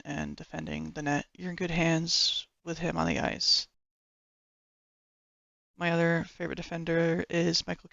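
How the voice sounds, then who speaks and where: A woman's voice: on the low side, creaky, fairly bright tone, no room sound, lo-fi sound. A woman who is a hockey fan vlogger, chatting enthusiastically and a bit rambly about players, often correcting herself. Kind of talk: casual fan commentary.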